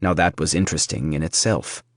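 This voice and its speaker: Male audiobook narrator; low-pitched, measured, dry studio read. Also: steady tone, dry recording. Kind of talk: scripted fantasy narration.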